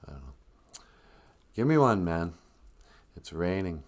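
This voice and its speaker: A man's voice: sits low, big pitch swings, measured pace, pauses often. A man hosting a live stream in a casual, rambling way, joking and reading viewer comments aloud.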